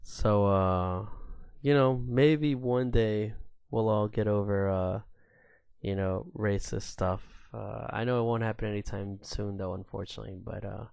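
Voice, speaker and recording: A man in his thirties tells stories on his own podcast in a low, unhurried voice. He talks loosely and swears freely, stopping often on fillers. The sound is dry and close to the mic. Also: steady tone, creaky, a little mellow, clear, resonant tone, no echo. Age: 30s. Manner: loose and profane, with many fillers. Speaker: podcast host. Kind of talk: casual solo storytelling rant.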